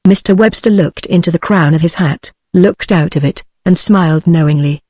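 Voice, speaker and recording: A text-to-speech woman's voice with a British English accent narrating an audiobook in an even, steady way. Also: sits low, moderate pace, hardly any pauses, breathy edge, no room sound.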